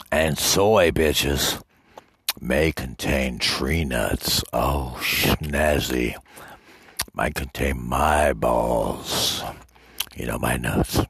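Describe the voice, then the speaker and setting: Deep gravelly man, profane rambling host. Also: fairly bright tone, dry recording. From Detroit. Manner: profane, rambling, mock-insulting the audience. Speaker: radio host. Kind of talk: crude rambling solo radio talk.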